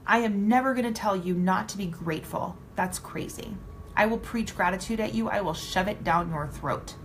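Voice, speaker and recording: A woman's voice: mid-range voice, fairly bright tone, slight background noise, poor audio. A woman giving a live-streamed motivational talk, emphatic and blunt, swearing casually and repeating her points for emphasis. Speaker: motivational speaker.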